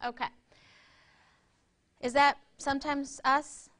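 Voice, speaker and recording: A woman's voice: sits high, flat delivery, slow, a bit bright. A woman presenting a workshop, guiding a breathing exercise and teaching in a conversational way, often checking in with her listeners. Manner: interactive, keeps checking in with "right?".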